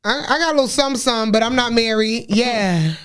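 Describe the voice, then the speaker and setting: A woman's voice: a little high, quick pace, a bit bright, clean tone. A woman co-hosting a podcast, talking brashly in slangy, laughing banter. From Atlanta area. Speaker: podcast co-host. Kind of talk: casual podcast chat.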